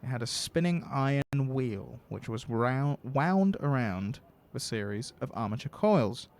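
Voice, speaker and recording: A man's voice: mid-range voice, expressive, measured pace, gravelly, darkish tone. A man hosting a game stream, reading the game's story text aloud and thinking aloud in casual asides. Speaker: streamer host.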